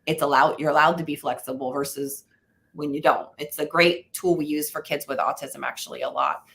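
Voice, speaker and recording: A woman parenting expert, a guest on an interview show, explaining strategies and telling anecdotes in an animated way with frequent fillers. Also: low-pitched, brisk, gravelly. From United States. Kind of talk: conversational interview.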